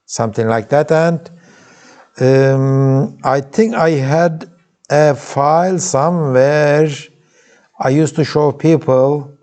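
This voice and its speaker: Mellow-voiced lecturer with a Turkish accent. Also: male voice, on the high side. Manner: checks in with the class, frequent "okay?" and "right?"; halting, with many filler sounds and restarts. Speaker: university lecturer. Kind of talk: classroom lecture.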